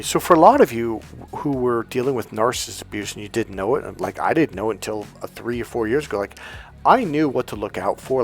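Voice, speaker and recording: A man, a life coach, telling a story to his viewers in a rambling, chatty way full of fillers and restarts. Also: on the low side. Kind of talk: casual storytelling monologue to viewers.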